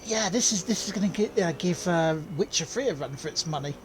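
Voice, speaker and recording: A man streams a racing game and cracks jokes while concentrating on the road. His pitch swings freely. Loud crowd noise from the game plays behind him. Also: lively intonation, a little fast. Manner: joking, distracted while driving. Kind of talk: casual live-stream chat.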